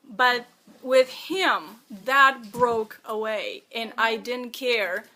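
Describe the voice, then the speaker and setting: A woman who is the author of her own memoir, speaking in a personal, reflective monologue, halting and emotional as she fights back tears. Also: fairly high pitch, bright, forceful tone.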